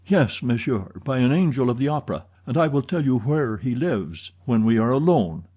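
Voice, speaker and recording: A man's voice: mid-range voice, big pitch swings, moderate pace, dark tone, husky, highs cut off. A man voicing an earnest, trembling young viscount in an audiobook, speaking insistently. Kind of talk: audiobook character reading.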